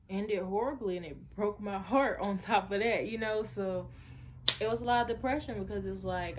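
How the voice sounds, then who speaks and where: A woman in her twenties shares her own story on a vlog. Her pitch sits in a middle range and her tone is earnest and chatty as she speaks straight to her viewers. A faint noise hums behind her. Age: 20s. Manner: chatty, addresses viewers as y'all. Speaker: vlogger.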